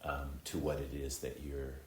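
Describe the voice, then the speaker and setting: Speaking in a completely flat, slightly mellow tone, a middle-aged man with a very deep voice offers a dharma talk as a Zen teacher. He's reflective and unhurried, with frequent ums and uhs, and the temple hall's echo carries faint ambience plus a little hiss or hum.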